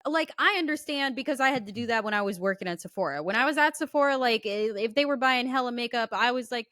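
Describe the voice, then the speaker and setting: A young woman co-hosting a podcast, telling a story in casual chat with animated, slangy, profane delivery. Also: fairly high pitch, fast, no room sound, clean studio sound. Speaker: podcast co-host.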